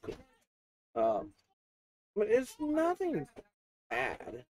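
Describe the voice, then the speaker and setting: A man giving a casual, rambling game review with many fillers and restarts. He coughs and keeps clearing his throat. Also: high voice, wildly swooping pitch, very slow, a little mellow, no echo.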